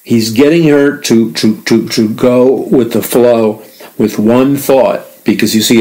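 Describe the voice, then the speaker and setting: A man's voice: on the low side, darkish tone, rough recording. Earnest man teaching scripture. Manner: earnest, emphatic, repeats words while explaining; reads scripture quickly between slower commentary. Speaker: radio minister and host. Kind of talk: radio Bible teaching.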